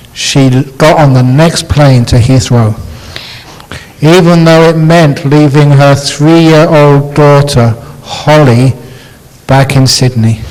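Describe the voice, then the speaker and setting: Slow-speaking monk in an echoing hall. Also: male voice, on the high side. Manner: slow, storytelling, gently humorous. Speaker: Buddhist monk, abbot. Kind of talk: dharma talk. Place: university lecture hall. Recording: reverberant lecture hall.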